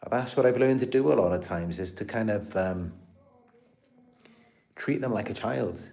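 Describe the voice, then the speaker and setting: A man's voice: fairly low pitch, moderate pace, vocal fry, warm tone. A man with a British accent hosting a live stream, talking casually, rambling and repeating himself with lots of fillers. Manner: rambling, repeats words and restarts, many "you know" fillers. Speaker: host of a live stream about narcissistic abuse.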